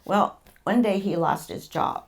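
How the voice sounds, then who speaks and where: A woman's voice: mid-range voice, very animated, measured pace, creaky. A middle-aged woman, telling her own story as a patient guest, rambling, repeating words and laughing as she goes. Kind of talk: candid personal storytelling.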